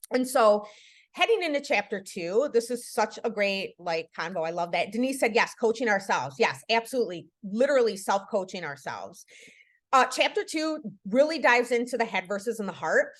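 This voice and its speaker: A middle-aged woman leads a casual book club chat over a video call. Her voice sits a little high, and she speaks earnestly and encouragingly, filling her sentences with "you know" and "like". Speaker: podcast host leading a book club.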